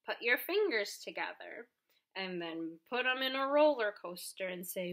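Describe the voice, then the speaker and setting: A woman who teaches preschool, reading a picture book aloud and then walking young children through letters in a gentle, encouraging, sing-song way. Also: mid-range voice, expressive, slow pace.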